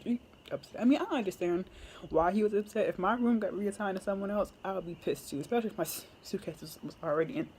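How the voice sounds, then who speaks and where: A woman's voice: mid-range voice, fast talker, darkish tone, slight background noise. A young woman telling a casual story to camera, chatty and laughing often, with lots of fillers. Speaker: military recruit vlogger.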